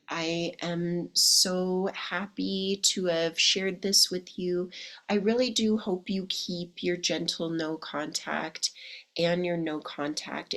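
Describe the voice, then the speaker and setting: A woman in her thirties coaching listeners in a chatty podcast monologue, her voice slightly hoarse from illness. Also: lowish voice, a bit bright. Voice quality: husky. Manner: chatty, calls listeners "my darlings" and "ladies". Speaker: dating coach. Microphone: podcast microphone.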